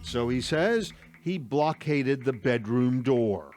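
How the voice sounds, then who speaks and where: A man narrating a true-crime report as a TV news correspondent, with a measured, deliberate delivery. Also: medium pitch, expressive, darkish tone, faint music behind.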